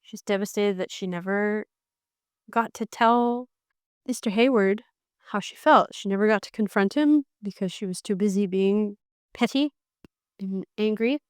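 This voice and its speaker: A young woman chatting casually as she reviews a book, animated and wry, often restarting her sentences. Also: medium pitch, unhurried, clean tone, no echo, clean studio sound.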